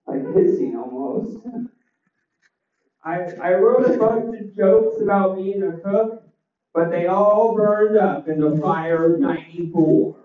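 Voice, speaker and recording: A man doing a deadpan stand-up set with one-liners and crowd chat, his voice a little crackly, on a small club stage. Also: sits high, takes it slowly. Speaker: stand-up comedian. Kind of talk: open mic stand-up set. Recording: roomy, distant, dull club recording.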